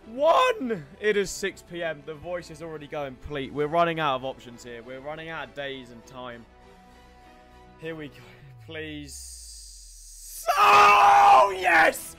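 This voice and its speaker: A young man commentating his own football video game matches, hoarse from yelling celebrations. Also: high voice. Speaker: gaming YouTuber.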